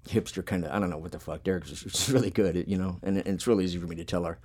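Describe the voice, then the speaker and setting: Talking rapid-fire in a low, darkish voice with a breathy edge and fairly even intonation, this man hosts a casual chat. He's a podcast host and punk musician, telling long, profane, laid-back stories loaded with filler words.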